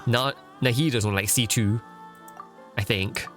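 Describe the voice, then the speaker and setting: A man's voice: medium pitch, measured pace, fairly bright tone. A man chatting casually on a live gaming stream, rambling, swearing offhandedly and laughing often. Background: faint background music.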